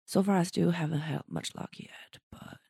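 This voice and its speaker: A woman's voice: lowish voice, steady tone, moderate pace, creaky, mellow, slightly rough, no echo, studio quality. A woman comedian co-hosting a casual podcast chat, talking earnestly with frequent restarts. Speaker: stand-up comedian and co-host.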